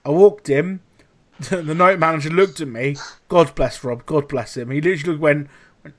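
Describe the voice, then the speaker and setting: A young man hosting a podcast, telling a story in casual chat, with lively swearing and acted-out quotes. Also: a little high, normal speed, slight background noise. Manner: animated, swearing, acts out quotes. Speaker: podcast host.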